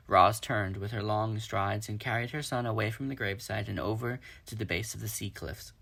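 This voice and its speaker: A man reading a children's storybook aloud in steady storytelling. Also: fairly low pitch, moderate pace, creaky, few pauses. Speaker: reader.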